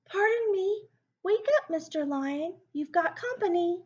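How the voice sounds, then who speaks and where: Woman playing a small timid storybook mouse, high-pitched and earnest, dull lo-fi sound. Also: expressive, unhurried. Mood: polite. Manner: timid, polite and eager. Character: tiny meek male brown mouse.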